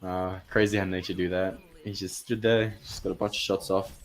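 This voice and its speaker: A man casting a live esports match, chatty and excitable, breaking out in sudden cheers. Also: deep voice, fairly quick. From Australia. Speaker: esports caster. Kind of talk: live esports play-by-play commentary.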